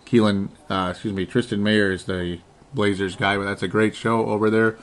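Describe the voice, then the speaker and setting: A man's voice: fairly low pitch, level tone, normal speed. A man co-hosting a casual sports podcast, rambling and laughing often between his points. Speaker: podcast co-host.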